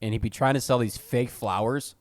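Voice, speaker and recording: A man's voice: medium pitch, steady tone, a little fast, no room sound. Young man, podcast co-host, casual chat, rambling, swearing, laughing.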